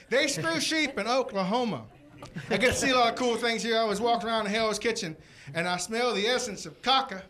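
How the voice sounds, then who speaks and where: A man's voice: extremely high pitch, expressive, a little fast, noisy background. A man from Texas with a Texan accent, telling folksy, self-mocking stories in a stand-up comedy set.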